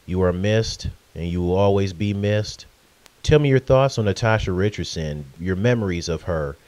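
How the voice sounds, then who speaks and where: A man's voice: low voice, animated, moderate pace, a little mellow, no room sound. A man in his twenties talking in a casual, conversational vlog tribute, with fillers and asides. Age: 20s. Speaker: vlogger.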